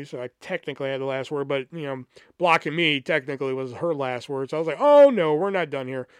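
A man's voice: on the high side, fairly bright tone, clear, resonant tone, no room sound, clean studio sound. A man hosting a podcast, telling a personal story in a casual, rambling, profane way and acting out what others said. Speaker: podcast host.

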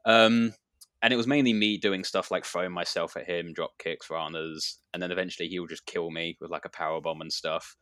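A man's voice: deep voice, steady tone, brisk, sharp tone, no echo, studio quality. A man who wrestles, telling a story in a rambling casual chat with many fillers and restarts.

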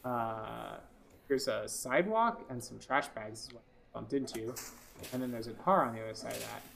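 A man's voice: medium pitch, normal speed, gravelly, a bit bright. A man giving casual gameplay commentary, rambling with lots of fillers and restarts, often frustrated. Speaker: gaming video host.

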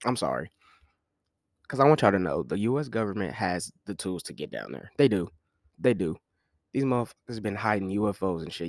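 A man's voice: sits low, no room sound, clean studio sound. A man hosting his own podcast, chatting loosely to his listeners as y'all, joking, slangy and laughing often. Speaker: podcast host. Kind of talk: casual solo podcast chat.

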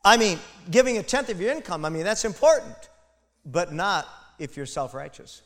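Male pastor, fairly high voice, impassioned sermon delivery, long church-hall reverb. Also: big pitch swings, moderate pace. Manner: impassioned, builds to loud emphatic peaks, asides to congregation.

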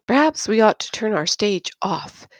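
A woman reading aloud and voicing Erno, a smooth male pilot who sounds dry and patronizing. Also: mid-range voice, animated, normal speed, no echo, voice pushed up, lightly acted.

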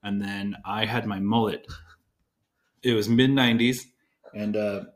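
A man's voice: lowish voice, fairly even intonation, a little slow. A man in his thirties co-hosting a podcast, chatting casually, laughing often and teasing his friend. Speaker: podcast co-host. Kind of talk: casual chat.

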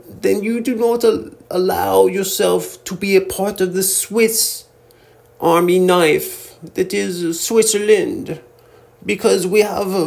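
A man's voice: sits high, a little mellow. A man putting on the voice of a very proper Swiss man who speaks in a stiff, formal and pompous way.

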